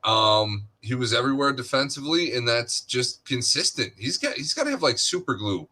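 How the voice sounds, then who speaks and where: A man's voice: mid-range voice, very animated, normal speed, pushed and bright. A man co-hosting a casual sports podcast, talking earnestly and emphatically with some swearing. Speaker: podcast co-host.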